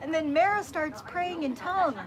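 A woman hosting a casual chat, telling a story in an animated way and acting out what people said. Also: very high voice, moderate pace, poor audio. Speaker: host. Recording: background noise from a nearby worker.

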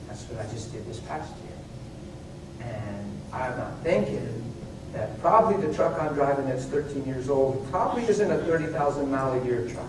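Echoey, distant man preaching. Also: background noise. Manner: animated storytelling, swinging from hushed asides to high exclamations. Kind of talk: sermon with personal stories. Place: church meeting hall. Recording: very echoey hall, voice from far off.

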